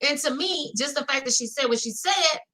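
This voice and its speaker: Louisiana woman host, high-ish bright voice, chatty, calls the audience y'all. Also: a little fast. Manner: chatty, talks straight to viewers with "y'all". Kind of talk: casual recap chat.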